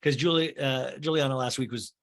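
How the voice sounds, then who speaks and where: A man's voice: mid-range voice, fairly quick, a bit bright. A man hosting a podcast and recapping a reality TV episode with sarcastic, exasperated commentary. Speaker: podcast host. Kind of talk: comedic TV recap.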